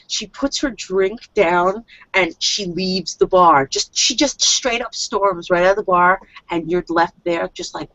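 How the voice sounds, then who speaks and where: A woman's voice: lowish voice, slow, hardly any pauses, fairly bright tone, no echo. Woman, casual role-play narration, rambling and profane, lo-fi sound, dry room. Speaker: tabletop role-play player. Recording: dull lo-fi dry recording.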